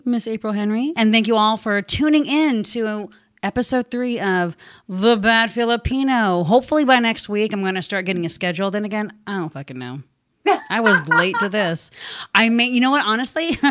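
Woman podcast host, middle pitch, breezy and chatty, loose, casual delivery. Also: normal speed, fairly bright tone, dry recording, clean studio sound. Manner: upbeat, chatty, casual swearing. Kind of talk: casual interview chat.

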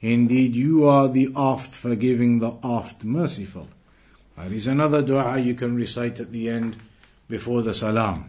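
A man teaching an Islamic lesson who recites Arabic passages quickly and then explains them patiently, repeating and rewording phrases. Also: mid-range voice, a little mellow. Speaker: religious teacher.

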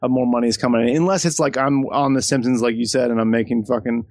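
A man's voice: medium pitch, steady tone, quick pace, darkish tone, no echo, clean studio sound. A man co-hosting a podcast in casual chat, laid-back, laughing often and swearing freely. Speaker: podcast co-host.

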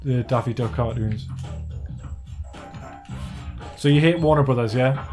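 A man's voice: mid-range voice, quick pace, darkish tone, faint music behind. A young man, chatting and giggling while playing a video game with a friend on a podcast. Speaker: podcast co-host.

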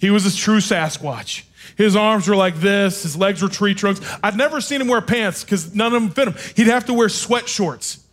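A man preaching from a stage, telling his own story in an animated, self-deprecating and humorous way. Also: high voice, moderate pace. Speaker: speaker. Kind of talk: sermon with personal storytelling.

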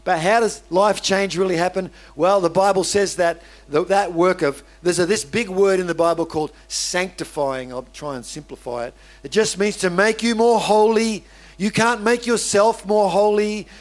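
A man's voice: high voice, moderate pace. A man with an Australian accent, a pastor preaching a sermon in a conversational way, with restarts and asides to the congregation.

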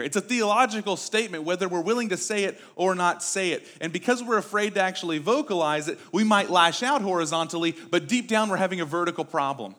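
A man's voice: high-pitched, lively intonation, fast, a bit bright. A young adult man preaching a sermon in a church, talking conversationally and asking the congregation rhetorical questions. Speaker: pastor.

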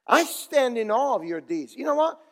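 A man's voice: very high-pitched, big pitch swings, creaky. A man preaching a sermon, reading scripture and praying, then urging his listeners on with rising fervor. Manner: builds from slow prayerful reading to rising exhortation. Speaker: pastor.

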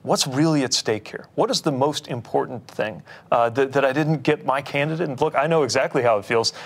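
A man's voice: mid-range voice, brisk. A man delivering an earnest, persuasive political speech. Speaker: political speaker.

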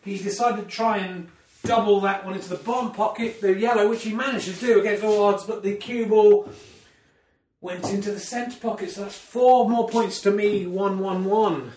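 A man's voice: high-pitched, fairly even intonation, moderate pace, darkish tone, slight background noise. A man commentating on a snooker game he plays against himself, in a mock sports commentary style with dry, self-mocking asides. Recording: roomy sound from a distant omni mic.

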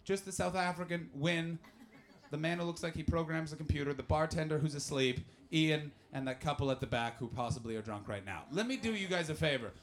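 Rambling animated man telling comic stories. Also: on the high side, brisk. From Canada. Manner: rambling, animated storytelling with asides to the crowd. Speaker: stand-up comedian and podcast host. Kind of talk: live stand-up comedy set.

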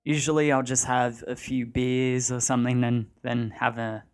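A man's voice: medium pitch, level tone, normal speed, natural voice. A man doing a hesitant, stumbling young man. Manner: hesitant, stumbling over words. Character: nervous young man hiding dark intent.

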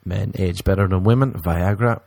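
A man's voice: low voice, normal speed, creaky, darkish tone, dry recording. Man rambling through a comedy podcast. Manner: playful, jumps into silly voices.

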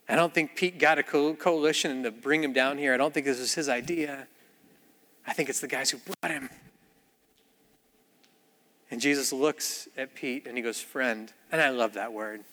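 A man preaching a sermon in a church, telling the story with animated acted-out voices. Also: medium pitch, big-room sound. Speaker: pastor.

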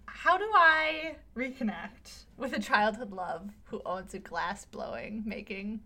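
A woman's voice: medium pitch, slow, pushed and bright. A woman co-hosting a podcast in casual chat, giggly and wry with self-deprecating humor. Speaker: podcast co-host.

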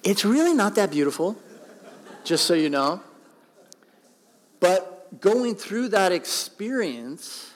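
A middle-aged man preaches in a relaxed, joking way, with a fairly high voice for a man. His voice rings out with a long reverb, as in a large church hall. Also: slow pace, pauses often. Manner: conversational, joking, animated. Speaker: pastor. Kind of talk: sermon.

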